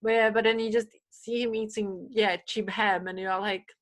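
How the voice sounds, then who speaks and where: A woman guest on a podcast, chatting casually and telling animated stories full of fillers and acted-out quotes. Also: medium pitch, moderate pace, few pauses. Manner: animated storyteller, many fillers, acts out quotes. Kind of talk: casual chat.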